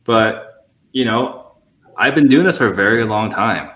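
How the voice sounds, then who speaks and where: Low, bright-voiced man in a roomy space. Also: lively intonation. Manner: measured, explains with quick acted-out phone dialogues. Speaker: real estate sales trainer. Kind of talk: casual podcast conversation.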